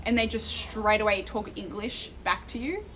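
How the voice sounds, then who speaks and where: A young Australian woman streaming live, telling stories in a casual, animated way and swearing freely. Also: mid-range voice, normal speed, a little hiss or hum.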